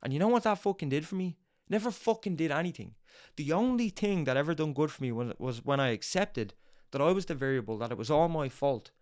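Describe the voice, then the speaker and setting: A man's voice: on the high side, animated, brisk, a little mellow. A young man giving an intense, profane motivational monologue as podcast host, hammering home each point through repetition.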